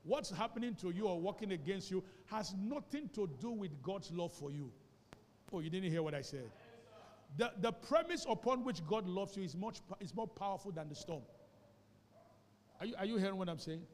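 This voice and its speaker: High-voiced Nigerian preacher in a reverberant hall. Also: male voice, animated, moderate pace. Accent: Nigerian English. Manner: preaching with call-and-response, swinging between quiet asides and shouts. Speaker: pastor. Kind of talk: sermon. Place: church hall.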